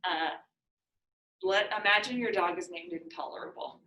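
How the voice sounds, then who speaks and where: A woman's voice: on the low side, moderate pace, bright, forceful tone, reverberant, slight background noise, poor audio. A woman teacher explaining a lesson to students in a classroom, patient and using everyday examples.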